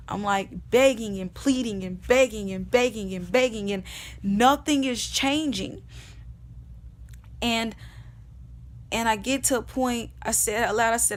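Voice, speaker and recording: Woman, young adult, higher pitch, earnest, emotional, repetitive, personal testimony vlog. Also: moderate pace. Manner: earnest, emotional, repeats phrases, drops to a hush at times. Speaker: vlogger sharing her testimony. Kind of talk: personal storytelling.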